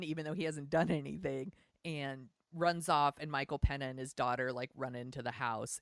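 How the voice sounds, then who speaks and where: Woman, podcast co-host, casual chat, exasperated, very low voice, dry recording. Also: steady tone, a little slow, dry recording.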